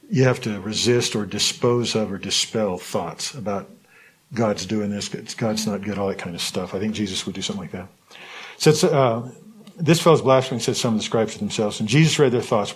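A man leading a Bible study, reading scripture aloud in a lively way and stopping to comment on it. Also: mid-range voice, husky, rough recording. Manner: animated reading, voices the quotes with asides.

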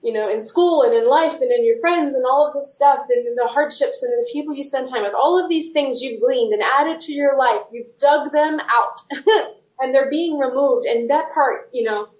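A woman's voice: high voice, normal speed. Earnest woman author in an echoey room. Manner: earnest and reflective, animated when sharing. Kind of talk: reading her own writing, then casual faith sharing.

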